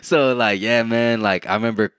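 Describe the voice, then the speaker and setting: A man's voice: mid-range voice, steady tone, normal speed, a bit bright, smooth, dry recording, clean studio sound. A young man from the United States, co-hosting a podcast in loose, rambling casual chat full of fillers and swearing. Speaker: podcast co-host.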